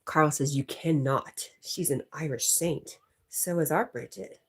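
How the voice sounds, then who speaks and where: Low, husky woman chatting on a livestream. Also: unhurried. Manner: chatty, reads viewer comments aloud, laughs often. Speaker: livestream host reading chat. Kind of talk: casual live chat.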